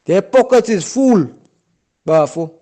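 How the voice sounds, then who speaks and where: Insistent South African man, high and mellow. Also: animated, slow. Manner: repetitive, insistent, often addresses the listener as "Bafo". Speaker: Rasta community member. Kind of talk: impassioned monologue.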